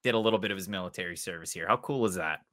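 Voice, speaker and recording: A man from Canada, co-hosting a casual podcast chat in an animated, joking way. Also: low-pitched, racing, a crowd in the background. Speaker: podcast co-host.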